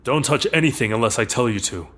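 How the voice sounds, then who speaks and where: A man's voice: mid-range voice, animated, fairly bright tone. Man playing a tense male shift supervisor, curt, pushy, mid voice. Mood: urgent. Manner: curt, commanding, hurried. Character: terse, nervous male warehouse supervisor.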